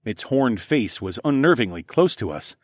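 A man narrating a first-person adventure story in a steady, matter-of-fact reading. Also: medium pitch, moderate pace, no echo, clean studio sound.

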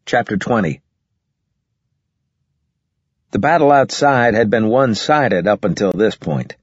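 Man narrating a story, even delivery, dry, dull muffled audio. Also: fairly low pitch, normal speed, breathy edge, no echo. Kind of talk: scripted first-person narration.

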